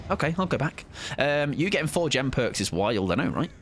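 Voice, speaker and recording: A man's voice: mid-range voice, big pitch swings, a little fast, slight background noise. A young man casually commenting on his live gameplay, joking, swearing and taunting in mock-villain fashion. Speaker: streamer.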